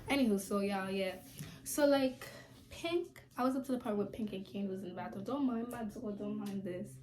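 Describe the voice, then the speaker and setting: A young woman vlogger casually telling a story to her camera, chatty and animated, full of "like". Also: moderate pace. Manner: chatty and animated, heavy use of "like", jumps high when quoting people. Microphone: camera mic at home, filming herself.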